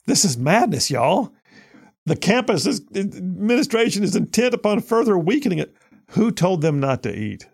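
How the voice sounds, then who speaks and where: A man's voice: high voice, big pitch swings, moderate pace, gravelly, a little mellow, husky. A male talk radio host, giving sarcastic, mocking commentary and laughing often.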